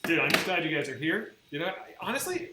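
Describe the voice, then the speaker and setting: A man's fast, sing-song voice of fairly high pitch carries his casual chat as he streams a game. He rambles and swears, restarting many times, and there's roomy sound with faint background noise.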